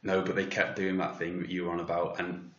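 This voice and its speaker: A man's voice: low voice, level tone, brisk, a bit bright. A man with a Scouse accent co-hosting a podcast, easygoing, laughing often and asking curious questions. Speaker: podcast co-host. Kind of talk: casual chat. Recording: echoey, muffled room sound.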